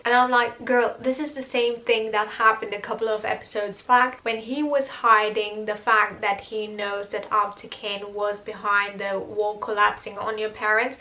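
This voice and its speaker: A woman's voice: a little high, fairly bright tone, low-quality recording. A young woman casually recapping a TV drama episode, chatty and exasperated, acting out the characters' lines. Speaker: TV series reviewer.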